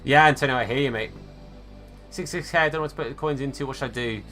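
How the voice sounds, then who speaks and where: Man, live streamer, casual chat, bright tone, middle pitch, keeps calling viewers mate. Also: quick pace, faint music behind. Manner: chatty, reads and answers chat by name, calls viewers mate and fella.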